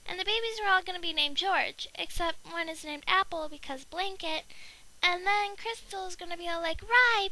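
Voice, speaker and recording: Young woman, very high bright voice, rambling silly storyteller. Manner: giggly, rambling, playful nonsense with quick character voices.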